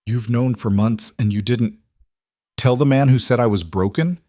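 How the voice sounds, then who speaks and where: A man's voice: mid-range voice, moderate pace, dark tone, no room sound, clean studio sound, natural voice. A man voicing a defiant pregnant young wife, cutting and bitter, in an audiobook reading.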